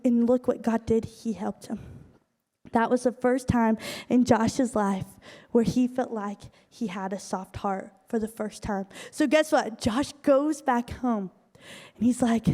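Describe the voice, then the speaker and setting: A woman's voice: fairly high pitch, moderate pace, mellow. Earnest woman preaching in a reverberant hall. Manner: earnest, acts out quoted lines. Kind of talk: sermon storytelling. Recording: long reverb of a large hall.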